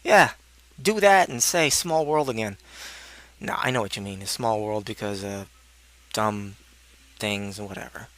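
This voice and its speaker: A man's voice: on the low side, unhurried, long pauses, fairly bright tone. Sardonic young man rambling casually. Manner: sardonic, rambling, swears freely. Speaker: video blogger answering questions.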